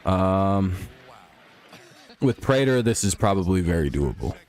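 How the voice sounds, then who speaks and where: A man's voice: sits low, a little slow. A man hosting a live stream, calling a football game play by play and chatting casually with viewers, with profane banter. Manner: relaxed play-by-play mixed with profane banter with chat.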